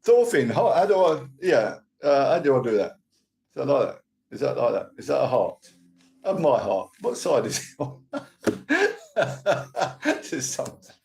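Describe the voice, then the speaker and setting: A man's voice: medium pitch, huge pitch swings, measured pace, gravelly, pauses often, rough recording. Older Cockney man rambling on a livestream. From London. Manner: chatty, rambling, thanks viewers for gifts. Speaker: live streamer. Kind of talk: casual live-stream chat with viewers.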